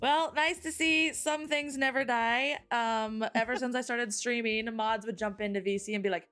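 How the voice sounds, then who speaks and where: A woman co-hosting a live stream, chatting casually, tired after a cry, with frequent giggles and drawn-out exclamations. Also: on the high side, steady tone, a bit bright, faint music behind. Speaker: streamer co-host.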